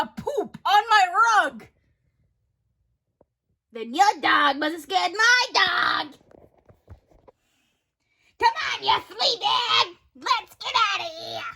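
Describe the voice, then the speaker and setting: A woman voicing a brash, rude woman neighbor who yells, in an amateur role-play video. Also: very high voice, creaky, pitched above the performer's own voice, full character voice. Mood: disgusted. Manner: loud, yelling, rude. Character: brash shrill woman neighbor, dog owner, smoker.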